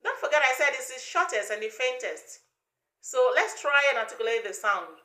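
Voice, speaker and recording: A woman leads an English pronunciation lesson, pacing herself slowly and drilling each vowel sound again and again. Her voice sits a little high and sounds bright. The room is echoey around her. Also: lively intonation. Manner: slow, deliberate, repeats sounds for learners to copy. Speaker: pronunciation teacher.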